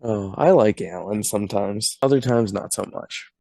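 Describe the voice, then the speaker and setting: A man's voice: lowish voice, normal speed, creaky, warm tone, no echo. A young man co-hosting a podcast, casually recapping a film in a laid-back way, chuckling as he talks. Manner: laid-back, chuckling, lots of filler 'like'. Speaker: podcast co-host. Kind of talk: casual movie recap chat.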